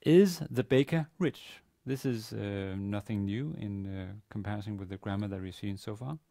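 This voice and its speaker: Hesitant low-voiced male lecturer. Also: moderate pace, gravelly, warm tone, dry recording. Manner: hesitant, many fillers and restarts. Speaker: university lecturer. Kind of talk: classroom lecture. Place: university classroom.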